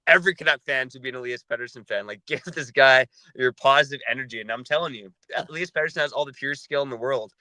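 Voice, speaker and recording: A man hosting a sports podcast, talking in a measured, analytical way. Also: medium pitch, sharp tone, no room sound, low-quality recording. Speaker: podcast host.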